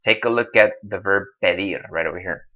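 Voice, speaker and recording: A man teaching a Spanish lesson, slowly drilling verb forms and then explaining them in a casual, chatty way. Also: sits low. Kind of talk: recorded classroom lesson. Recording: dull lo-fi recording.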